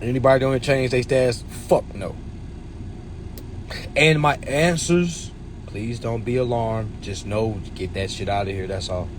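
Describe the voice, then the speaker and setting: A man's voice: mid-range voice, measured pace, slight background noise. A man in his twenties hosting a livestream, giving a blunt, profane motivational talk. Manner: blunt, preachy, swearing freely. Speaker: livestream host.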